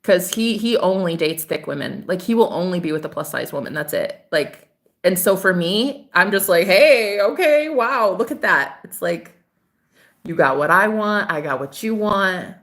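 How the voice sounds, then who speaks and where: A woman's voice: on the low side, normal speed. A young woman vlogging casually about her spiritual life, laughing and swearing as she talks. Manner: animated, swearing, laughing often. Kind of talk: casual monologue to camera.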